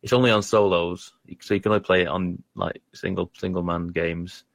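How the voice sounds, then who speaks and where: A man with a deep, low-pitched voice chats casually about video games. He rambles and stumbles over his words, often poking fun at himself, and sounds close and dry. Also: steady tone, vocal fry, no echo. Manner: rambling, halting, self-deprecating. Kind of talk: casual gaming chat.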